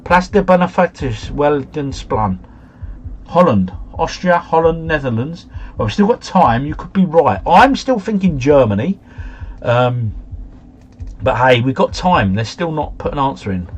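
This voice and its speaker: A man hosting a livestream, chatting excitedly and muttering to himself as he reads out clues during a game. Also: on the high side, moderate pace, husky. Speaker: livestream host. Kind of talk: live game commentary, thinking aloud.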